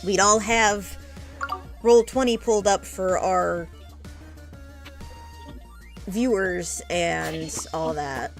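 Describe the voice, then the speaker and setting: A woman's voice: fairly low pitch, drawn-out words, gravelly, pauses often, soft background music. A woman with a Midwestern accent, streaming a game and chatting casually with friends, thinking aloud as she plays. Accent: American Midwestern. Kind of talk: casual chat while gaming.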